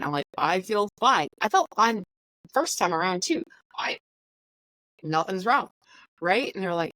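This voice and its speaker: A woman's voice: mid-range voice, normal speed, dry recording, low-quality recording. Chatty woman telling a story, dry sound. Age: adult with school-age or older children. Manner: chatty, animated, acts out dialogue. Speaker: podcast host sharing her story. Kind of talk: casual storytelling.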